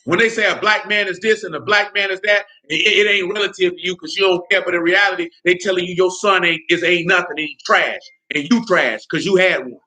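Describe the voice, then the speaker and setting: A man's voice: high voice, fairly quick, few pauses, pushed and bright. A man hosting a podcast, giving heated, blunt and profane casual commentary and often asking if listeners follow him. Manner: blunt, heated, profane, keeps asking "you know what I'm saying". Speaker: podcast host.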